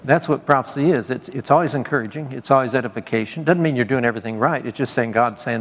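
Preaching at a quick pace in a medium-pitched voice, a man offers prophetic words to those gathered, keeping it casual with laughter and repeated praise. The informal charismatic ministry takes place in a church meeting hall, captured with long hall reverb and faint ambience.

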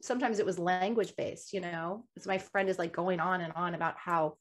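A woman in a casual conversation, telling stories in an animated, emphatic way. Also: on the low side, brisk. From United States. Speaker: guest.

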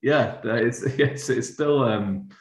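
A man's voice: medium pitch, takes it slowly, roomy sound. A man from northwest England with a Mancunian accent, a podcast guest who rambles casually with lots of fillers. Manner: rambling, uses many fillers. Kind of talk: casual interview chat.

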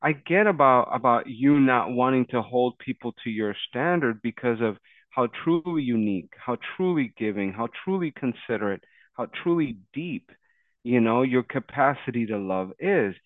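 A man's voice: mid-range voice, lively intonation, moderate pace. A man on a podcast who gives advice emphatically, piling up repeated phrases to drive his point home. His voice comes through thin and phone-like. The sound is dry, with no room echo. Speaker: podcast co-host. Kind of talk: candid podcast conversation.

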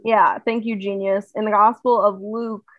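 A woman in her twenties co-hosting a podcast, chatting quickly with fillers and bursts of laughter. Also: mid-range voice, level tone, no echo, phone-quality sound, close to an everyday voice. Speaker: podcast co-host. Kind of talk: casual chat.

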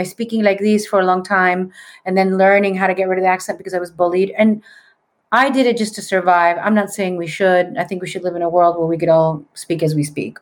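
Animated middle-aged woman telling a story. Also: medium pitch. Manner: animated, acts out the people she quotes. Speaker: podcast guest. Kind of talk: casual storytelling in conversation.

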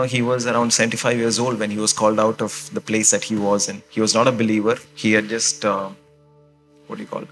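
A male pastor with a mid-range, fairly bright voice preaches conversationally. He often checks in with the congregation, asking questions and saying "okay?"

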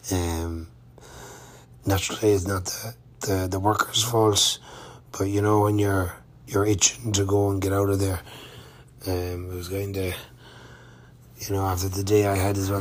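Male cyclist vlogger, low flat delivery, rambling casual diary talk. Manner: rambling and chatty, with many fillers and restarts. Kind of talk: casual travel-diary narration.

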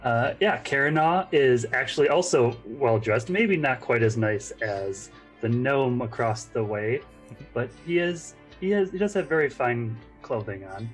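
A man playing a tabletop game and describing his character in a relaxed, matter-of-fact way. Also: medium pitch, unhurried, faint music behind. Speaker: player. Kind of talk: casual tabletop game play.

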